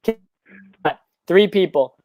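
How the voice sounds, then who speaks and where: An eager young man with a high voice talks in quick, run-on sentences, chatting as a guest on a live stream. The sound is dry and close, with no room around it. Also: expressive, no room sound, dull audio. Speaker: guest musician. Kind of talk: casual chat on a live stream.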